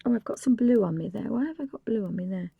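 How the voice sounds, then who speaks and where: A woman's voice: medium pitch, expressive, quick pace, vocal fry, slightly rough, no room sound, narrow, tinny audio. A woman hosting a live painting tutorial, chatting casually and often dropping to a whisper, with rambling, apologetic asides at her home desk. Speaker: craft channel host.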